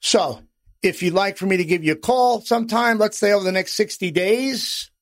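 A middle-aged man hosts a podcast in a blunt, profane wise-guy manner. His voice sits high for a man and has a gravelly rasp. The sound is dry and close to the mic. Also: normal speed, fairly bright tone, no echo. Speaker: podcast host. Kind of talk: personal podcast monologue.

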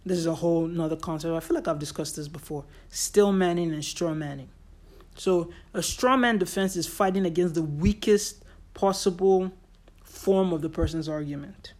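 An earnest solo podcaster talking straight to listeners about a point they care about. The delivery is emphatic and repeats key phrases to drive them home, with a middle-pitched voice that sits between typical male and female ranges. Quoted remarks are briefly acted out along the way. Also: a little mellow. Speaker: podcast host. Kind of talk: solo motivational podcast monologue.

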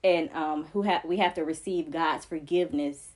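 A woman's voice: low-pitched, steady tone, normal speed. A woman co-hosting a faith podcast, speaking earnestly and emphatically, with repeated phrases that build like preaching. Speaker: podcast co-host.

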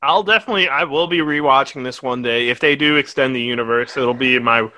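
A man co-hosting a casual film review podcast, animated and rambling, swearing often. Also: mid-range voice, a little fast, no room sound. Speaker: podcast co-host.

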